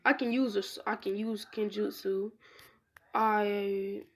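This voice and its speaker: A woman voicing a cool, quiet young ninja hero. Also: mid-range voice, steady tone, slow. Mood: explaining. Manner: quiet and menacing.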